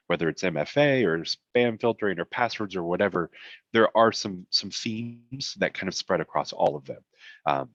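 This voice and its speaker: Deep-voiced guy doing a webinar talk, chatty with jokey asides, voice getting worn, dry dull audio. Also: a bit bright, dry recording. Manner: conversational, self-deprecating asides. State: voice getting tired. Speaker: cybersecurity presenter. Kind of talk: webinar presentation.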